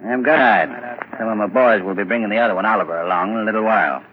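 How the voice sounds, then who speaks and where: An actor playing a calm, folksy village constable in an old radio drama. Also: male voice, on the low side, fast, husky. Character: easygoing male village constable. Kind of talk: 1940s radio acting. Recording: thin tinny old radio broadcast.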